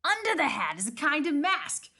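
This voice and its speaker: Lively, bright-voiced woman reading aloud. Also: high-pitched, moderate pace. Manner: animated, giggly, many restarts. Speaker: book reading co-host. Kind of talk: casual read-aloud with banter.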